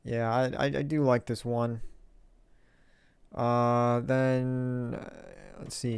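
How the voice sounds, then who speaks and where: A man's voice: mid-range voice, little pitch movement, takes it slowly, long pauses, clean tone, dry recording. A man streaming a game live, talking casually and hesitantly, with wry, self-mocking asides and chat read aloud. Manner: rambling and hesitant, reads viewer chat aloud.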